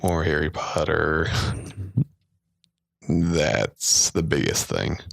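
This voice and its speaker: A man's voice: extremely low pitch, very animated, drawn-out words, vocal fry, fairly bright tone. A man co-hosting a movie podcast, talking in a laid-back way and quoting film dialogue. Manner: laid-back, quotes dialogue, looks things up. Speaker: podcast co-host. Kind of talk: casual film review chat.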